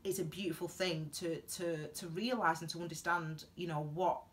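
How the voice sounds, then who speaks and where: A woman gives earnest, heartfelt advice in a reflective vlog monologue, rambling and halting with frequent restarts and tangents. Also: on the low side, fairly even intonation, a little hiss or hum. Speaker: tarot reader giving advice.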